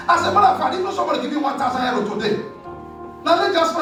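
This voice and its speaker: A man's voice: very high-pitched, expressive, quick pace, a bit bright. A male pastor preaching a sermon in an emphatic call-and-response style. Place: church hall. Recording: echoey hall, distant mic, faint music.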